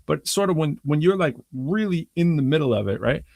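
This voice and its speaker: Brief: male host, gravelly, dry close sound, chatty storyteller who acts out every quote. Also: fairly high pitch, lively intonation, a little fast, darkish tone, no echo. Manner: chatty, frequent "you know what I'm saying". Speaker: rapper. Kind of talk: casual conversation.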